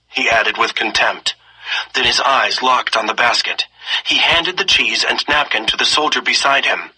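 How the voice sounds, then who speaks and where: Bright, husky man reading a story. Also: medium pitch, moderate pace, poor audio. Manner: expressive reading, slipping into character voices. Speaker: story reader. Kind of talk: reading a story aloud with lesson questions.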